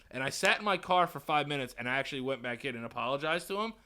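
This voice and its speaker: A man's voice: a little high, quick pace. A young man, co-hosting a podcast and telling a swear-filled story in casual chat. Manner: animated storytelling, heavy swearing. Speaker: podcast co-host.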